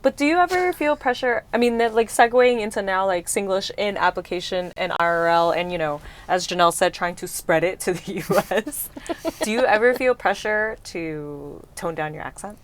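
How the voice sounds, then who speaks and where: A woman hosting a casual panel chat, asking questions and telling chatty stories. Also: mid-range voice. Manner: chatty storytelling, quick laughs. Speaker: host.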